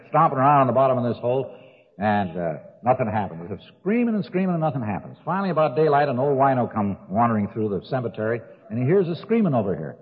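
Husky older man telling folksy jokes. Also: medium pitch. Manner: folksy joke-teller, chuckles at his own stories. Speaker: speaker sharing his drinking story. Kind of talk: recovery talk with jokes. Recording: tinny old recording with long hall reverb.

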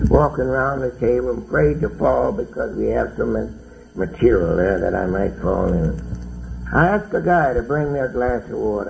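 Middle-aged man, gravelly, folksy testimony talk, muffled old lo-fi tape. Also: medium pitch, expressive, normal speed. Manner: plainspoken, folksy storytelling with dialect grammar. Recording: dull lo-fi recording with faint hiss.

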